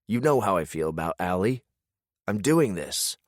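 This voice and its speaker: A man's voice: sits low, sing-song, moderate pace, dry recording, clean studio sound. A man playing a firm, determined brother. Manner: firm, earnest. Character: determined grown man, protective older brother figure.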